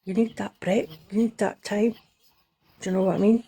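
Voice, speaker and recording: Woman, encouraging guest, monotone delivery. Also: mid-range voice, normal speed, husky. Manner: earnest, encouraging. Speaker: guest on a livestream. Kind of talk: casual chat.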